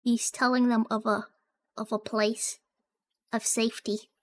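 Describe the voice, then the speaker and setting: A woman streamer chatting casually while reacting to videos, excitable and giggly, often trailing off and repeating herself. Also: a little high, a little slow.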